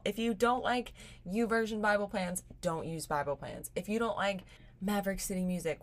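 A young woman hosts a devotional podcast, her voice sitting a little low for a woman. She talks in a casual, earnest and encouraging way, at times sounding moved close to tears. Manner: earnest and encouraging, gets teary and laughs. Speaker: podcast host.

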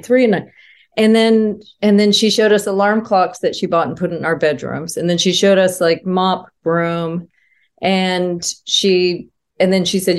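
A woman from the United States, a guest author, telling personal stories candidly in a halting way with many restarts. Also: on the low side, steady tone. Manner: halting, restarts often, acts out quoted voices.

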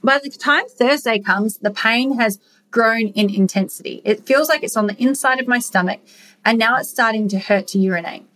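A woman's voice: on the high side, moderate pace, a bit bright. Woman podcaster, personal storytelling, frank and casual, swears a lot, earnest. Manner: earnest, encouraging to listeners. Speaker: podcast host.

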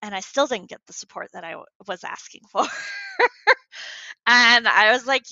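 A woman's voice: medium pitch, normal speed, creaky, pauses often, bright, forceful tone, no echo. A woman in her thirties, a former teacher, telling her story candidly in an interview, earnest and emotional, with many fillers and restarts. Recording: dull lo-fi sound.

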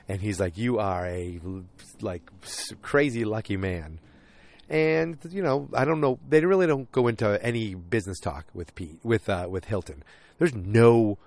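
A man casually recapping a TV episode, rambling with lots of fillers and acting out the characters' lines. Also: fairly low pitch. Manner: rambling, full of fillers, acts out quotes.

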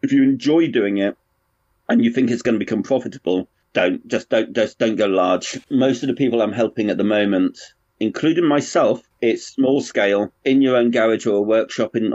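A man, a brewer and pub owner, chatting frankly and rambling in a relaxed conversation. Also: on the low side, no echo. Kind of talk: casual conversation. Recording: dull lo-fi sound, dry.

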